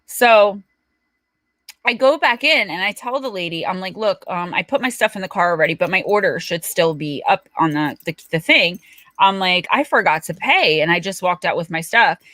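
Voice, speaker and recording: Bright, chatty New woman. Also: on the low side, normal speed, dry recording. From Paterson, New Jersey. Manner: chatty, animated storyteller who laughs often. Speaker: livestream host. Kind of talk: casual livestream chat.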